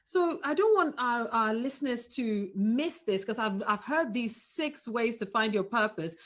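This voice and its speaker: A woman hosting a podcast interview, animated and affirming her guest often. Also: fairly high pitch, a little slow. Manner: animated, frequent affirming murmurs. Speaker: podcast host.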